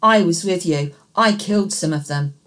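A woman's voice: on the low side, normal speed, fairly bright tone, natural voice. A woman reading the part of a shaken, defiant young man in an audiobook, raising her voice and pressing her point. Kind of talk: audiobook dialogue.

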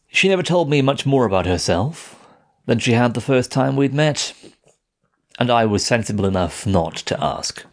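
Low-voiced man reading an audiobook. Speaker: audiobook narrator. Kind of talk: first-person audiobook narration.

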